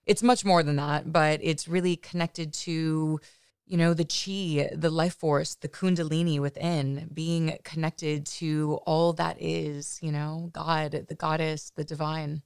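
A woman's voice: low voice, flat delivery, measured pace, vocal fry, darkish tone, clean tone, dry recording, studio quality. A woman podcast host telling a personal story in a candid, chatty way, often adding "you know" asides.

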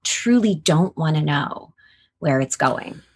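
Low husky-voiced chatty woman. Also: slow. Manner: animated, chatty, laughs often. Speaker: voice actor guest. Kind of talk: casual interview chat.

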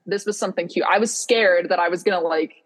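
A young woman talks over a video call in a relaxed podcast chat, with a slightly husky, fairly low voice. She tells her story with plenty of energy, jumps into quoted lines and laughs between them. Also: quick pace. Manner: animated storyteller who acts out quotes and laughs often. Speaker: podcast guest co-host.

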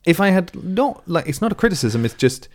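A man's voice: sits high, big pitch swings, a little fast. A young man casually reviewing a song, talking at length in a rambling, thoughtful way. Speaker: music podcast co-host. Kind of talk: casual music review chat.

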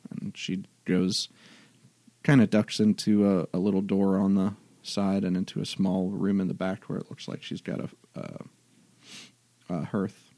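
A man narrating a tabletop game as game master, in an unhurried, halting way with many fillers. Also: deep voice, monotone, warm tone, no echo.

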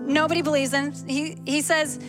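A woman preaching a sermon at a church service, animated and fast, reading Scripture and asking the congregation questions. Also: sits high. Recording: sermon with clear music behind.

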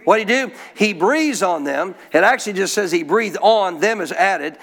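High-pitched preacher guy quizzing his church, call-and-response style. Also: animated, moderate pace, a bit bright. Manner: call-and-response preaching, asks the congregation questions. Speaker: pastor. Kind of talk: sermon.

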